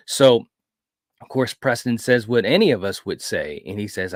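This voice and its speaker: Man, low voice, dry close sound, casual film recap, animated storyteller, stumbles and restarts. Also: moderate pace, no echo. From grew up in a city. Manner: animated storyteller, frequent restarts and "you know". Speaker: film review podcast host. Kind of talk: casual retelling of a horror film.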